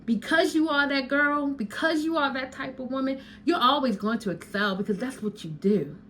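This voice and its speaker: A woman hypnotherapist, giving an animated motivational talk and dropping into a slow, soft voice for hypnosis lines. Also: sits high, slight background noise. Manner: animated, preachy, talks straight to the listener as "honey" and "y'all". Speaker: hypnotherapist and podcast host.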